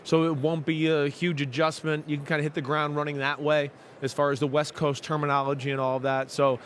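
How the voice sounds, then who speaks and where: A man from New Jersey co-hosts a casual sports talk show, pausing and restarting as he thinks out loud. His voice is slightly high. Faint noise sits behind him. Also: flat delivery. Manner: halting, full of fillers and restarts.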